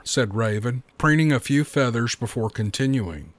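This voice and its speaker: Male narrator, mid-pitched, measured storytelling, dry booth sound. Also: animated, no room sound.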